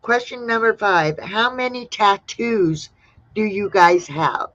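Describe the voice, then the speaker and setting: A woman hosts a casual livestream at an unhurried pace. She reads viewers' answers aloud one after another in a relaxed tone. The sound is dull and lo-fi. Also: mid-range voice. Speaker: livestream host. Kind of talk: casual live-stream chat reading viewer answers.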